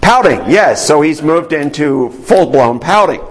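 A male Bible teacher leading a study in a chatty, conversational way, often stopping to quiz his listeners. His voice sits slightly high and moves a lot, rising and falling with energy. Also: animated, unhurried, slightly rough, low-quality recording. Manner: conversational, asks the group questions.

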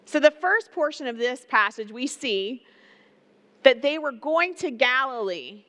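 A woman's voice: high voice, animated, unhurried, a bit bright. Earnest conversational woman pastor preaching. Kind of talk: sermon.

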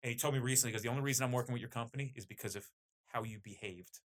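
A man's voice: mid-range voice, very fast. A man who runs police training, talking in a casual, enthusiastic podcast conversation. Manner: animated, enthusiastic storyteller. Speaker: police training company owner.

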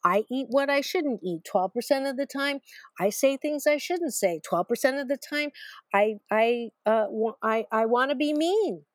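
With a voice on the high side and a moderate pace, a middle-aged woman appears as an author guest in an interview. She tells her personal story emphatically and repetitively, joking at her own expense, and the recording has no echo.

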